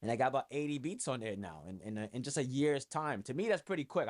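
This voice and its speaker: A man's voice: mid-range voice, lively intonation, fast. A man from New York with a New York accent, hosting his own podcast in a loose, rambling, profane way with lots of fillers. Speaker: podcast host and music producer. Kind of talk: casual solo podcast talk.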